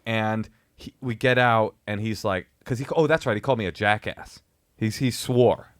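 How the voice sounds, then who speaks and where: A man's voice: fairly low pitch, moderate pace, dry recording. Guy in his 30s riffing through a story, voices everyone in it, dry close sound. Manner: animated, acts out quotes in other voices. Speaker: comedian. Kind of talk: casual storytelling on a podcast.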